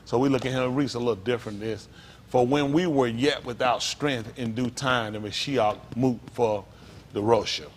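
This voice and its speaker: A pastor preaching a sermon, reading scripture aloud slowly and commenting between verses, calling out to the congregation. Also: male voice, mid-range voice, steady tone, slight background noise. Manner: call-and-response preaching, rising to emphatic exclaims.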